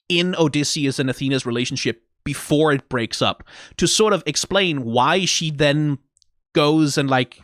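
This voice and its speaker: A man's voice: medium pitch, a bit bright, no echo. Guy doing a chatty reaction commentary, acts out lines in a mocking voice, swears a lot, dry close sound. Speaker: reaction video host. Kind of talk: casual commentary.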